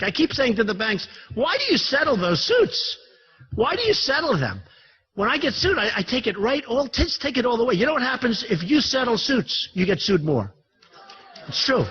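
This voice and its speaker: A man's voice: sits high, slightly rough. A man in his sixties giving a rambling, boastful campaign speech to an audience in a hall, repeating himself and throwing asides to the crowd. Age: 60s. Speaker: political candidate addressing business leaders. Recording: dull lo-fi recording with faint noise.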